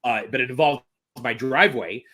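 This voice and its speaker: A man's voice: medium pitch, a little fast, sharp tone. A man chatting casually as a podcast guest, rambling with many restarts and fillers. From Texas. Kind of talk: casual chat.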